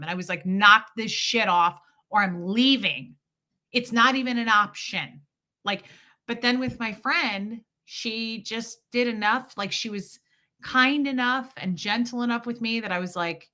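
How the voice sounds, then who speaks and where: A woman's voice: fairly high pitch, sharp tone. A woman in her forties hosting a casual chat with viewers, telling a personal story with candid, emotional swearing. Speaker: livestream host.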